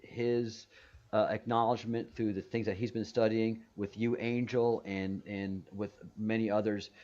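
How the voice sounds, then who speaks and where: Casting: low-pitched man, rambling host, lots of restarts, dull muffled call audio. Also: little pitch movement, unhurried, darkish tone. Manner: rambling, many restarts and repeated words. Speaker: stream host. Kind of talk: casual video call chat.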